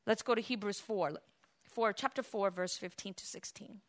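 A woman's voice: mid-range voice, moderate pace. A woman preaching a sermon, with conversational asides full of fillers, swelling into impassioned cries as she acts out scripture. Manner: impassioned, rising to loud cries when acting out scripture.

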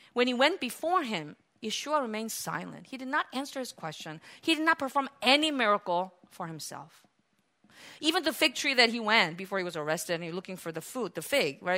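A woman preacher telling stories in a sermon, conversational and animated, swinging from hushed near-whispers to loud exclamations. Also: fairly high pitch. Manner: conversational and animated, with frequent "like" and restarts. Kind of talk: storytelling sermon.

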